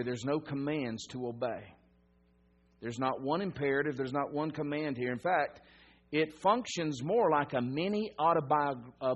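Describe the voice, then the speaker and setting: A male pastor delivering a sermon with a husky, slightly breathy voice at a mid pitch. He leans on key words, slows down to repeat important phrases, and builds to louder emphasis.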